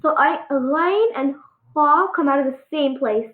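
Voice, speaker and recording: A woman giving a casual pronunciation lesson on letter sounds, halting and full of fillers, encouraging her students. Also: sits high. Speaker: Arabic alphabet teacher. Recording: echoey, tinny phone-like sound.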